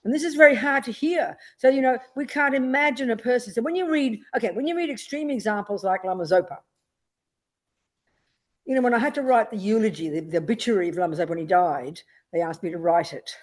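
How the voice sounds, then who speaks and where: A Buddhist nun teaching a dharma talk, blunt and emphatic, often checking with rhetorical questions. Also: female voice, on the high side, quick pace.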